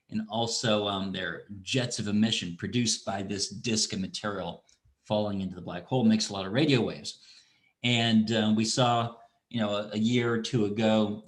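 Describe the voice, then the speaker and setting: Middle-aged man, low voice, easygoing online astronomy lecture, wanders off into asides. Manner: relaxed, rambling, with restarts and asides. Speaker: university astronomy instructor. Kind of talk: online lecture with screen demo.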